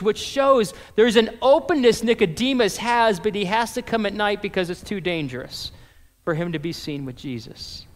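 A man's voice: high voice, in a large hall. A man preaching a sermon as pastor, conversational, acting out scripture dialogue in casual modern phrasing.

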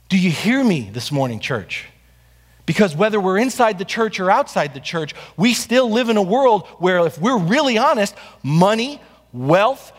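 A man delivers a Sunday sermon from the pulpit in a notably high voice. He leans on repetition and rhetorical questions to press his points. The sound carries the long reverb of a church sanctuary. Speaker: pastor.

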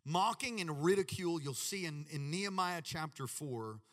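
A man preaching a sermon with animated, dramatic delivery and sudden shouts. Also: on the high side, normal speed, in a large hall. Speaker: pastor.

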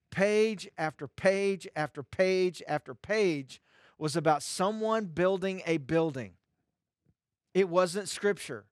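A man's voice: sits high, no echo, studio quality. A male pastor preaching a sermon, emphatic and repeating phrases for stress.

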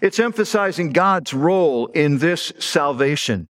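A middle-aged male pastor delivers a sermon in a voice pitched a touch above most men. He talks it through like a story told to friends, then presses down firmly on the words that matter. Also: lively intonation, unhurried, fairly bright tone. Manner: conversational storytelling with stressed words.

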